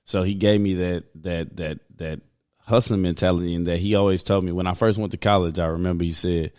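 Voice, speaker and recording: A young man with a very low voice, chatting casually on a podcast. He is laid back, swears freely and laughs often. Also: steady tone, a little fast, darkish tone, clean tone. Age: young adult. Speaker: podcast co-host. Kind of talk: casual chat.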